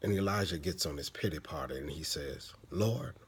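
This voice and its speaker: A man's voice: rumbling low, a little fast, fairly bright tone, slight background noise. A man preaching a devotional sermon, dramatic and sometimes dropping to a whisper for emphasis.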